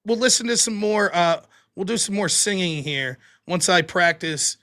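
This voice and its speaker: A man's voice: high-pitched, animated, moderate pace, bright, forceful tone. A man with a Pittsburgh accent hosting a call-in show, chatting casually and swearing freely. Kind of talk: casual chat.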